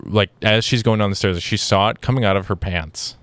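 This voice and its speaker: A man's voice: fairly low pitch, brisk, fairly bright tone, no room sound. A young man hosting a podcast, telling a story in a casual, rambling way with many restarts, sounding exasperated. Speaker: podcast host.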